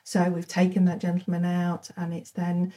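A woman, a charity head, speaking as a podcast guest in a measured way full of "you know" and hesitations. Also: on the low side, monotone, warm tone. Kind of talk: casual conversational interview.

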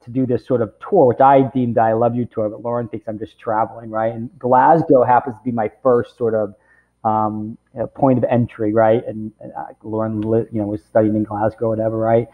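Heard over thin, phone-like audio, this guest is a camp director in his forties who rambles through a relaxed storytelling interview, leaning constantly on "you know" and "right?". He talks briskly in a fairly low, level voice.

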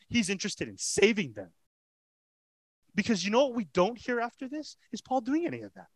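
A man's voice: fairly high pitch, dry recording. A man preaching a sermon as pastor, telling the story with dramatic emphasis, rhetorical questions and repeated lines. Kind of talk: expository sermon.

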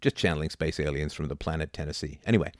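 A middle-aged man talking casually about philosophy, animated, dipping into mocking impressions. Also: very deep voice, quick pace, dry recording, studio quality. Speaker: podcast host.

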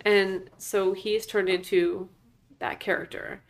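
A woman's voice: medium pitch, flat delivery, unhurried. A woman co-hosting a podcast, emphatically filling in plot details while chatting casually about a movie. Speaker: podcast co-host. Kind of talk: casual movie recap chat.

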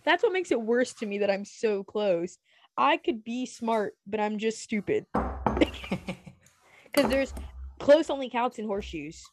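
A woman's voice: a little high, expressive, unhurried, long pauses, a little hiss or hum. A woman cohosting a podcast, chatting casually in a playful, giggly, self-mocking way. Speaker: podcast co-host. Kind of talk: casual chat.

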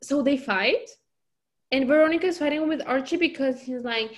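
A woman's voice: high voice, moderate pace. A young woman co-hosting a podcast, casually recapping a TV episode in a rambling way, full of "like" and giggles. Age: young adult. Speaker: podcast co-host. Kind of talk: casual chat.

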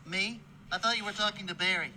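A meek, puzzled high bird puppet. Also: male voice, fast, pushed and bright, a little hiss or hum, low-quality recording.

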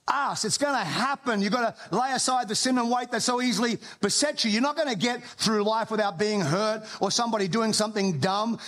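This sermon comes from an Australian pastor addressing his congregation in church, his male voice unusually high and fairly bright in tone. He keeps it loose and chatty, dropping in jokes and repeatedly restarting what he's saying.

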